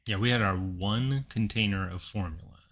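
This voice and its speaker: A man's voice: fairly low pitch, normal speed, fairly bright tone. A young adult man co-hosting a podcast, telling a story in a wry, rambling way. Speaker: podcast co-host. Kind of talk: casual chat.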